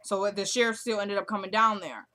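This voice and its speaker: A woman's voice: medium pitch, a little fast, bright, forceful tone. Chatty woman recapping a TV episode. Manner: chatty retelling, slangy, acts out dialogue.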